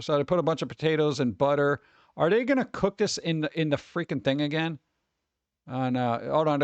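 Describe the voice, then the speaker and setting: A man's voice: on the high side, no room sound, dull audio. A man streaming casual commentary on food videos, exasperated and sarcastic, rambling and restarting.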